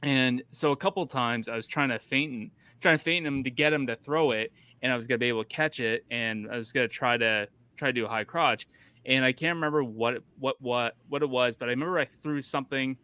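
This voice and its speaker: A man's voice: medium pitch, brisk, sharp tone, clean tone, no echo. A man hosting a casual podcast chat, telling a rambling story full of restarts. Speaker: podcast host.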